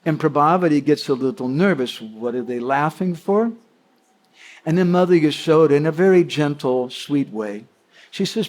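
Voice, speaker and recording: A man's voice: a little high, moderate pace. Man telling devotional stories animatedly. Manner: animated, frequently checks in with listeners. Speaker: devotional storyteller. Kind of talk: devotional storytelling talk.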